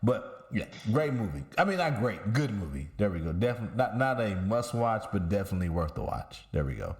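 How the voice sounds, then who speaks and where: A man's voice: fairly low pitch, big pitch swings, a little fast. A man hosting a podcast with his friends, talking loosely and profanely, rambling through a story with restarts. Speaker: podcast host. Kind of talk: casual chat.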